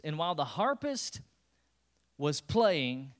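A man with a fairly high voice preaching as the pastor of his church. He tells the scripture story with loose, joking asides and jumps into quick character voices. The delivery is casual and animated. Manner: lively, humorous storytelling with playful character voices. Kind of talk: sermon.

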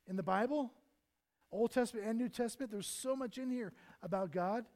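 Guy preaching with a high voice, gets loud then goes real quiet, acts out the bible bits. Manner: earnest preaching that swells loud and drops to near-quiet; acts out prayers and Bible figures in quotes. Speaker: pastor. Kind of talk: sermon.

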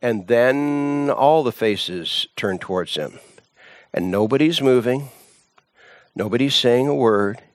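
An animated male preacher telling a story from the pulpit, his voice swinging up and down for effect. He sits at a middle pitch. The recording is dry and close, with no room echo. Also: slow. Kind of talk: sermon storytelling.

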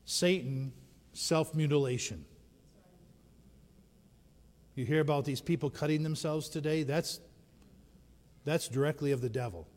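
A man preaching a sermon as dramatic storytelling, rising to shouts and dropping to hushed tones, in a church sanctuary. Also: on the high side, normal speed. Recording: long reverb of a large hall.

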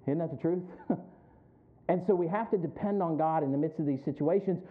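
Man, pastor, sermon, high voice, emphatic questions to congregation, tinny phone-like recording. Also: brisk. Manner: preaches with rising, emphatic calls and questions to the congregation.

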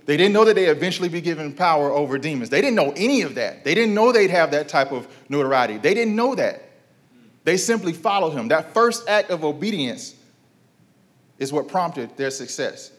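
A man's voice: fairly high pitch, sing-song, brisk. A man in his thirties preaching a sermon, talking casually to the congregation, asking questions and repeating key lines. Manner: conversational preaching with rhetorical questions and repetition; call-and-response with congregation. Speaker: pastor.

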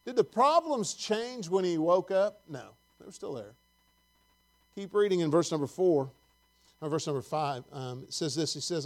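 A man's voice: fairly high pitch, expressive, moderate pace. A middle-aged male preacher giving a conversational sermon, reading scripture and asking the congregation questions.

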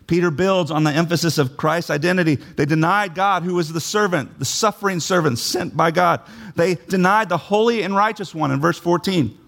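A man's voice: high voice, normal speed, gravelly, hardly any pauses, fairly bright tone. A man preaching a sermon, emphatic, repeating key phrases and putting questions to his listeners.

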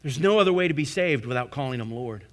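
A male pastor preaching a sermon with strong conviction, swinging between hushed, slow phrases and loud, rising declarations. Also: medium pitch, lively intonation.

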